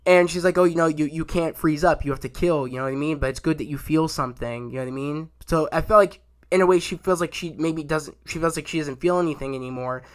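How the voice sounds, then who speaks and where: A young man giving a casual spoken review of a TV episode, rambling and excitable, full of fillers and restarts. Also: a little high, quick pace. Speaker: YouTube show reviewer.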